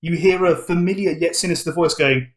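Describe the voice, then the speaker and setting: A man's voice: a little high, brisk, a little hiss or hum. British man narrating as game master. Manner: rambling, playful, full of "basically" and "like". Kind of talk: narrating a comedic tabletop game.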